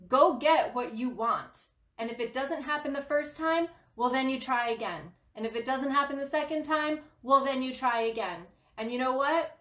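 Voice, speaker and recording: Woman on a live stream, fired up and emphatic, laughs a lot, bit high voice, echoey room. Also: fairly bright tone. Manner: passionate, emphatic, laughs often. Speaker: spiritual guidance host. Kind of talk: motivational livestream talk.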